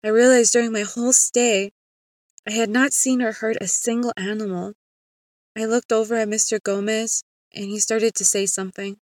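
A woman narrating a spooky story in the first person, in a calm, steady storybook reading. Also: a little high, moderate pace, no room sound.

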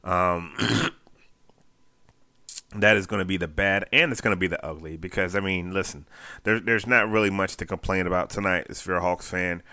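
Male recap host, casual and chatty, low-ish smooth voice, dry close sound. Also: fairly even intonation, normal speed, bright, forceful tone, dry recording. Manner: chatty, repeats phrases, chuckles often. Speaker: basketball fan show host. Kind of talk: casual post-game recap.

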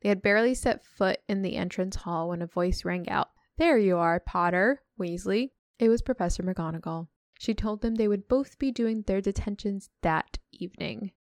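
A woman retells a book on a casual podcast. She mixes read-out passages with quick asides to her co-hosts. Her voice sits mid-range and close to the mic in a dry, deadened space. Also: mid-range voice, a little mellow, dry recording. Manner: summarizes and reads aloud, breaks off to chat and laugh.

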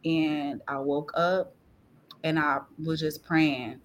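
A woman guest on a podcast, sharing a personal faith testimony in an animated, laughing, tearful storytelling way. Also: low-pitched, slow pace, dull audio, a little hiss or hum. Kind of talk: testimony in casual chat.

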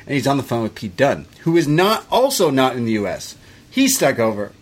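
A man's voice: mid-range voice, sing-song, brisk. A man co-hosting a wrestling review podcast, chatting loosely, swearing and drifting into side rants. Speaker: podcast co-host. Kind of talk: casual wrestling review chat.

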